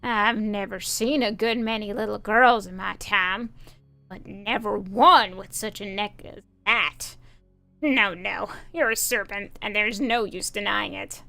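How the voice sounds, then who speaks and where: A woman voicing a suspicious mother pigeon in a storybook reading, shrill and scolding. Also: fairly even intonation, a little slow, gravelly, pushed and bright, no echo, soft background music. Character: anxious, shrill mother pigeon guarding eggs. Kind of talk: storybook reading for a live stream.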